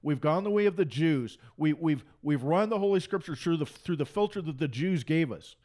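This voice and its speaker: Fiery high-voiced male preacher. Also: expressive, normal speed, a little mellow. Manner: fiery, repetitive, mocking. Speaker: Christian preacher and commentator. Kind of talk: impassioned preaching monologue.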